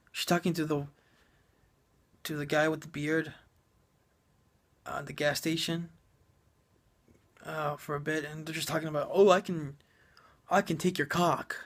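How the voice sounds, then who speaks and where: A man's voice: on the high side, fairly bright tone. Sarcastic, swearing man ranting. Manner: profane, sarcastic, rambling with many fillers. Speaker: movie reviewer. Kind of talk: ranting movie review.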